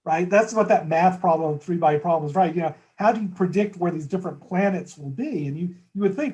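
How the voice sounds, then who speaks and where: A man's voice: high-pitched, fairly quick, hardly any pauses, mellow, rough recording. Man with restarts and tag questions. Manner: thoughtful, circling, frequent restarts and tag questions. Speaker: guest. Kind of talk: conversational market discussion.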